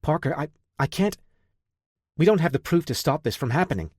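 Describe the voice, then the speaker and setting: A man voicing an anxious woman scientist who speaks in a hushed, worried way, in an audiobook. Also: on the high side, animated, brisk, husky, dry recording, studio quality, pitched above the performer's own voice.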